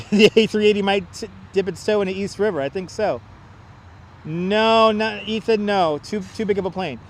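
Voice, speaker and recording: Outdoors near an airport, a man with a high voice hosts a planespotting livestream on a wireless clip-on mic, calling out incoming flights while chatting and joking. He talks at normal speed over slight background noise.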